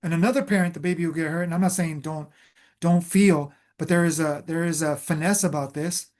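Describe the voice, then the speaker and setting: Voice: mid-range voice, fairly even intonation, a little fast, a little mellow. A spiritual coach giving a motivational talk, stressing points by repeating phrases, with frequent fillers and restarts. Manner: loose, filler-heavy delivery.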